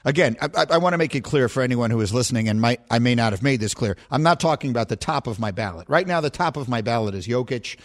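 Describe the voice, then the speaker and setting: A male sports talk host who debates award votes in a lively, emphatic way. He often breaks off and restarts his sentences, then pushes hard on his point. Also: medium pitch, fast, few pauses. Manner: animated, emphatic, self-correcting.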